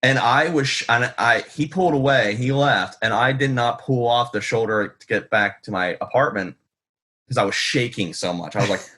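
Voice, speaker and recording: A mid-range, bright, forceful voice at normal speed belongs to an American man who is a guest author. He tells casual interview stories that ramble, curse, and mock himself, with plenty of ums.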